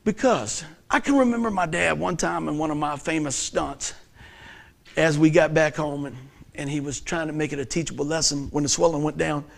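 A middle-aged man preaching a sermon as pastor, animated and joking, telling stories and acting out voices. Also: on the high side, normal speed, creaky. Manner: animated, joking storyteller who acts out voices.

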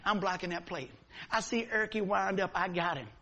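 A man preaching a sermon, telling a story with lively, acted-out moments. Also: sits high, moderate pace. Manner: animated storyteller, acts out scenes. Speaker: pastor.

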